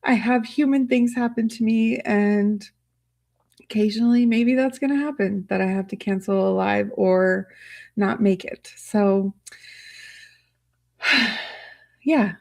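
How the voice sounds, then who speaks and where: A woman hosts a casual livestream chat at a middle pitch. She speaks softly and emotionally, rambling, restarting her sentences and filling pauses with "um". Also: creaky. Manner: soft, rambling, emotional, with frequent fillers. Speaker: livestream host.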